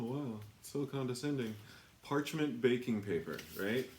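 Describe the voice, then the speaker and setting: In a roomy-sounding space with slight hiss or hum, a medium-pitched American man gives a casual tour of the supplies in his tattoo shop. He's a tattoo artist who rambles, curses heavily, and is self-deprecating.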